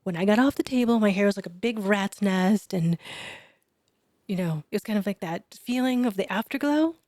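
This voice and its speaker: Mellow-voiced woman telling a lively story. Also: mid-range voice, normal speed, no room sound, clean studio sound. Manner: animated storyteller, drops to whispers for quoted thoughts. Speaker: chiropractor guest. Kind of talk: storytelling in an interview.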